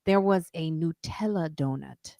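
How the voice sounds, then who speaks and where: A woman's voice: low-pitched, unhurried, vocal fry, mellow, no room sound, studio quality. A woman hosting a podcast in casual chat, telling stories animatedly with frequent laughs. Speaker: podcast host.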